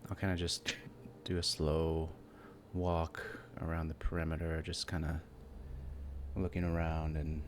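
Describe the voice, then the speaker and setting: A man's voice: rumbling low, monotone, measured pace, a little hiss or hum. A man playing a tabletop game, speaking hesitantly and thoughtfully with many fillers. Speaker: player.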